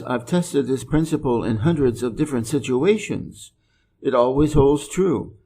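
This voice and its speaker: A man's voice: mid-range voice, mellow. A man reading a self-help book aloud as an audiobook, in an earnest, emphatic way that leans hard on key words. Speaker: audiobook reader.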